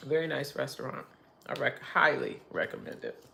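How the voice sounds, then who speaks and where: A woman's voice: a bass voice, lively intonation, moderate pace, gravelly, pushed and bright, slight background noise. A middle-aged woman hosting a casual livestream, chatting in a rambling way and laughing often. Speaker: livestream host.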